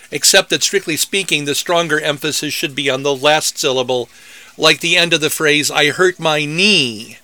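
A man, a pastor, reading a scripture devotion and explaining in a measured, scholarly way how its words are said. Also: medium pitch, bright, forceful tone.

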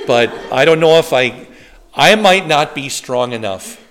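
A man's voice: medium pitch, lively intonation, a little slow, fairly bright tone. A man, a pastor, leading a Bible study in a conversational way, telling stories with humorous asides and rhetorical questions.

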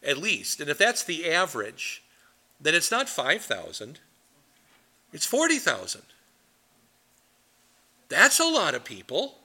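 A middle-aged man leads a Bible study as pastor, with a forceful, sharp-edged voice sitting slightly high for a man. He teaches like an animated storyteller and wanders off into asides. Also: takes it slowly, long pauses.

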